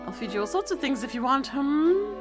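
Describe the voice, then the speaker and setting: An Australian woman voicing a creepy, sinister male bird doctor in a game, speaking in a slow, teasing, insinuating way, slightly raised and a little loud. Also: sits high, sing-song, music in the background, voice pushed up.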